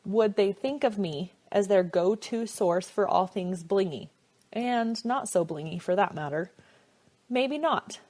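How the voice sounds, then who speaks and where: A woman's voice: mid-range voice, measured pace, a little mellow. Chatty, enthusiastic woman podcast host. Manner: enthusiastic, chatty, rhetorical questions. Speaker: podcast host and jewelry seller. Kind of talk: upbeat training podcast.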